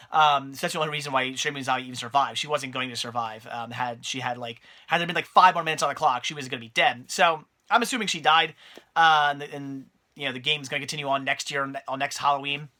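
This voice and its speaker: Casual male reviewer, bright and slightly high, loose and rambling with lots of fillers. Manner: rambling, many fillers and restarts. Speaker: movie reviewer. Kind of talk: casual spoken movie review.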